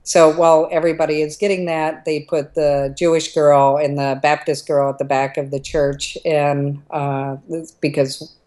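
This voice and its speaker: A middle-aged woman from Southern California, an entrepreneur telling anecdotes in a casual interview, animated and laughing often. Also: deep voice, moderate pace, few pauses.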